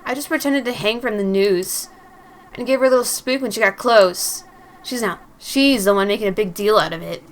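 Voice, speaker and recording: A woman's voice: medium pitch, normal speed, natural voice. A woman voicing a defensive young prankster in a sulky, dismissive manner while reading a visual novel aloud. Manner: sulky, brushing it off.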